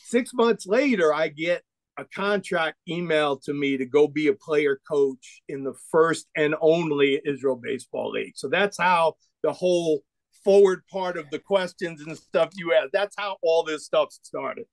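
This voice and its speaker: Animated storytelling man, bright voice. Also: on the high side, moderate pace, no room sound. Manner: animated storyteller, acts out quoted dialogue. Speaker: guest. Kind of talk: casual storytelling interview.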